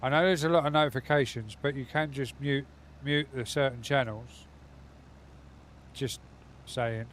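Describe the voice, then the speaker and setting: A man streams a game from home and talks straight to his viewers in a loose, rambling way. His voice sits at an everyday middle pitch. A faint hum of background noise runs under it. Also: fairly even intonation, moderate pace, long pauses, a bit bright. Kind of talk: casual live gaming stream chat.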